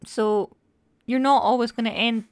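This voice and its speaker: A woman's voice: on the high side, fairly even intonation, measured pace, smooth, no echo, clean studio sound. A woman co-hosting a casual review chat, eager and opinionated. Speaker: podcast co-host.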